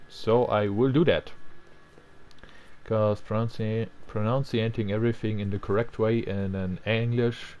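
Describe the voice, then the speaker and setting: A man's voice: fairly low pitch, steady tone, measured pace, darkish tone, clean tone. A young man giving casual commentary over a video game, rambling and thinking aloud, often trailing off and restarting. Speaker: let's-play commentator.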